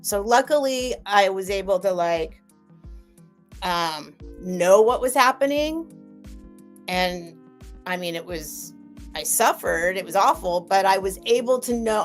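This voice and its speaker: A woman's voice: lowish voice, expressive, a little slow. Middle-aged lady rambling on a live stream, talking to chat by name, faint music behind. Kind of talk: casual chat with live chat viewers.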